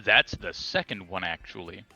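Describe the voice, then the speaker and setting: A man's voice: low voice, expressive, normal speed, vocal fry, sharp tone, soft background music. A young man in casual chat with friends, quizzing them on monster trivia with enthusiasm and plenty of swearing.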